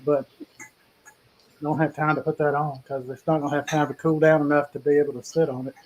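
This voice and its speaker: A man's voice: a little high, little pitch movement, brisk, a little mellow, rough recording. A man hosting a casual cooking show, chatting in a folksy, rambling way. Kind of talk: casual live cooking chat.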